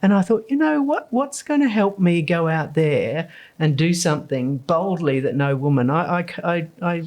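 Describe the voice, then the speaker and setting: A woman in her sixties with an Australian accent, a podcast guest telling her story with lively acted-out quotes. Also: low voice, moderate pace. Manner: animated storyteller, acts out quoted lines.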